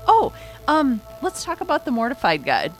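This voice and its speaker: Lively, tipsy woman podcast co-host. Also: high-pitched, normal speed, soft background music. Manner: chatty, giggly, lively. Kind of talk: casual chat.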